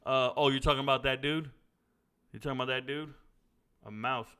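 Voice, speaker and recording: A man's voice: medium pitch, steady tone, brisk, pushed and bright, smooth. A middle-aged man hosting a casual sports Q&A, blunt and opinionated, wandering into stories. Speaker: sports commentary host answering viewer questions. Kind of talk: casual live Q&A chat.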